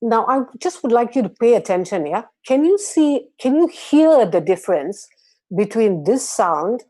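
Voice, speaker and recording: A woman from Malaysia guiding a group through a gentle voice and breathing exercise, patient and encouraging. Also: fairly high pitch, sing-song, unhurried. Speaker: voice and meditation instructor. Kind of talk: guided voice exercise class.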